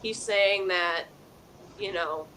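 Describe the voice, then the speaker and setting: A woman's voice: medium pitch, slow, pushed and bright, slight background noise, poor audio. A woman hosting a live call-in psychic show, earnestly passing on messages from the dead in first person, with a chatty "you know" style. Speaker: psychic medium host.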